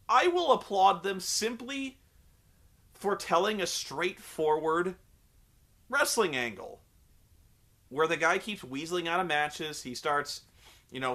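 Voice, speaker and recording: A man's voice: fairly high pitch, bright, forceful tone. A young man recapping a wrestling show in a sarcastic, profane, rambling comedic commentary.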